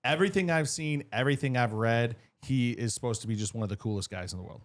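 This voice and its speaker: A man in casual chat, eager and animated as he tells stories and gives suggestions. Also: mid-range voice, quick pace.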